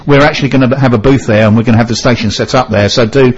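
A man's voice: medium pitch, fairly even intonation, racing, slightly rough, highs cut off. A middle-aged man with a Cockney accent hosting a radio show, chatty and self-mocking. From London. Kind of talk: casual radio chat.

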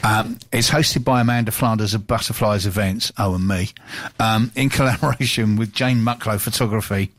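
A man's voice: fairly low pitch, steady tone, normal speed, a bit bright. A man presenting on local radio, chatting casually and reading out event listings in an upbeat way.

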